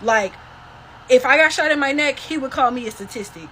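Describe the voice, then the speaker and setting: A woman's voice: high voice, brisk, pushed and bright, a little hiss or hum. A woman ranting bluntly and defiantly in a profane social media vlog.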